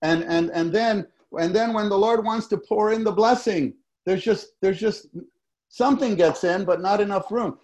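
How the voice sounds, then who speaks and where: A man preaching to a congregation, his voice sitting a little high for a man. He often stumbles, restarts and repeats his words, and he leads the listeners in repeating lines back to him. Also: moderate pace, darkish tone. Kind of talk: sermon. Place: meeting hall with a summer-school gathering.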